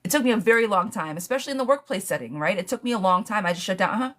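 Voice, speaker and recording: A woman hosting a live tarot stream, chatting casually and affectionately, with many pet names for her viewers and quick, animated bursts of talk. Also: mid-range voice. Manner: animated, talks fast in bursts, laughs often.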